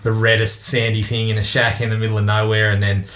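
A man's voice: fairly low pitch, monotone, quick pace, fairly bright tone. Rambling man chatting casually. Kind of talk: casual chat.

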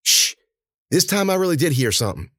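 A man's voice: on the high side, very animated, fairly quick, fairly bright tone, slightly rough, dry recording, voice pushed up, exaggerated voice. A twitchy, joking henchman, as a man puts him on talks in a raised, nervous voice. It is a dry, close audiobook sound with no room around it. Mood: jumpy. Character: jittery, wisecracking male henchman.

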